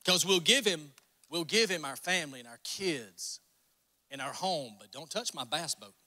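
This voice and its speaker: A pastor with a north Georgia Southern accent preaching a folksy, joking sermon in a church sanctuary. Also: male voice, fairly high pitch, expressive, normal speed, sharp tone. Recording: long reverb in a church hall.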